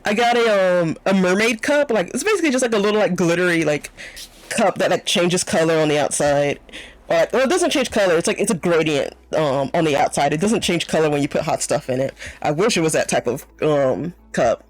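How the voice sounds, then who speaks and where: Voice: mid-range voice, expressive, brisk, no room sound, poor audio. A young adult VTuber chatting casually on stream in a rambling, filler-heavy way, often breaking into giggles.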